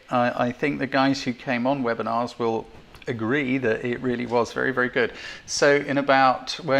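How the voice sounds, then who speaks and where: A man's voice: medium pitch, gravelly, a bit bright. An English man hosting a live photography stream, chatty, self-deprecating and full of thanks to his viewers. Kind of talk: casual live-stream chat. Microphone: desk mic with levels being adjusted.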